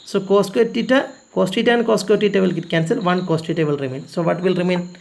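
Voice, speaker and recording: A man's voice: high-pitched, steady tone, fast talker, vocal fry, a little mellow. A man teaching a recorded math lesson, explaining patiently step by step, repeating himself and pleading with students to practise.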